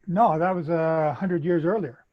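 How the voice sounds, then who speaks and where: A man's voice: on the high side, normal speed, lo-fi sound. A man with a Canadian accent, methodically explaining a bible chronology as a guest speaker. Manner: methodical, lecturing.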